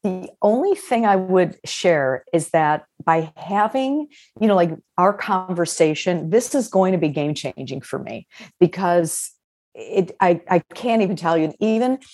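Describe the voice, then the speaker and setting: A woman's voice: on the low side, animated, unhurried, darkish tone. A woman guest on a podcast, talking candidly in rambling runs as her voice starts to give out. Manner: rambling, restarts, many fillers. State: losing her voice. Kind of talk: candid conversation.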